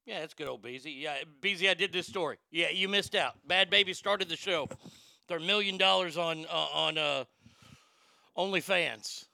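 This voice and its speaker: A man's voice: fairly high pitch, moderate pace, gravelly, bright, forceful tone, dry recording, clean studio sound. A man hosting a talk show in casual chat, blunt and profane, rambling with frequent restarts. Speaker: podcast host.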